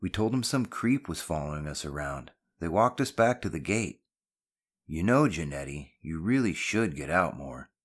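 A man voicing a bold, grinning boy who leads his friends, brash and loud. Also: sits low, animated, normal speed, slightly rough. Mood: confident.

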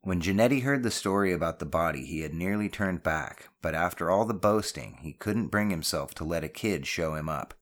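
Brief: male audiobook narrator, very low voice, steady and measured.

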